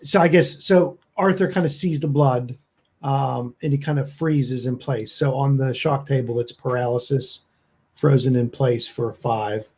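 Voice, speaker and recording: A man's voice: mid-range voice, measured pace, a little mellow, slightly rough. A man playing a tabletop horror game, describing his character's actions in a hesitant way, with lots of ums and you-knows. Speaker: player.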